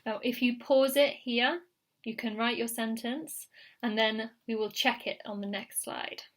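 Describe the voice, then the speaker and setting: A woman teaching an English grammar lesson, patient and clear, repeating key words and checking in with the learner. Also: fairly high pitch, steady tone, unhurried. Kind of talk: slow recorded grammar lesson.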